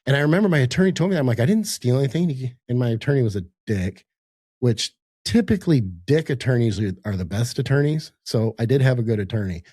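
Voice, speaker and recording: A man's voice: mid-range voice, lively intonation, fast, warm tone, slightly rough, no room sound, clean studio sound. An older man, a podcast guest, telling a story in casual chat, acting out quotes, laughing often and swearing, speaking over a video call from his home office. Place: home office in a high-rise.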